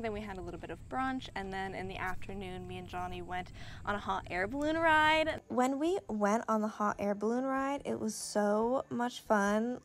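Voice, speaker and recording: A woman's voice: mid-range voice, a little hiss or hum. A young woman chatting casually in a crafting vlog, bubbly and gushing, sometimes counting stitches under her breath. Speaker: crafting vlogger.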